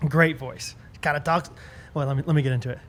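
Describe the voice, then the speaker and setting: A young man co-hosting a podcast in casual chat, laughing often and telling animated stories. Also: a little high, fast, a little hiss or hum. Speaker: podcast co-host.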